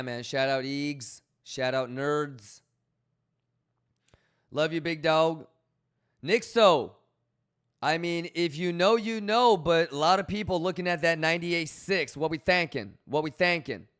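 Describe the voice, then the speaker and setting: A young man live-streaming in a loose, rambling way, chatting casually and shouting out viewers by name. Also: a little high, animated, measured pace, pauses often, clean tone. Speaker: livestreamer.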